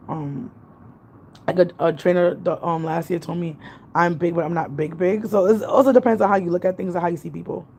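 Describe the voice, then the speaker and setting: A woman rambles through a casual livestream chat, reading out viewer comments as she goes. Her voice is dark and gravelly. Faint background noise hums under the recording. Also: on the low side. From Jamaica. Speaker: vlogger. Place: apartment in the city.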